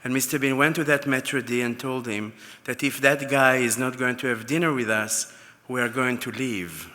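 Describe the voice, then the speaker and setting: A man's voice: mid-range voice, normal speed, pushed and bright. A man from Israel, telling anecdotes with fillers and restarts in an acceptance speech at an awards dinner. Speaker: award recipient. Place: large banquet hall. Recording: reverberant hall with PA.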